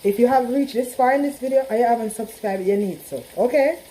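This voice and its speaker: Fairly quick and mellow, with a voice on the high side, a Trinidadian woman chats casually to her viewers while cooking at home. The recording is rough, and a pan fries and sizzles in the background.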